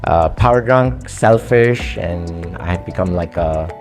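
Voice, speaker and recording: A man with an accent telling his story to a coach in an earnest, halting conversational way, with frequent fillers. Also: deep voice, over music. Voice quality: speaks with an accent. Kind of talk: casual conversation.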